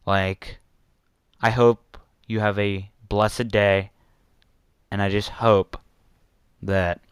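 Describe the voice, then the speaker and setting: A young man rants at his audience in an angry, repetitive way, swinging between insults and apologies. His lowish voice is smooth and clear, and he talks slowly. The sound is dry and close. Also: no echo. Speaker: youtuber ranting to viewers. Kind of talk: angry rant vlog.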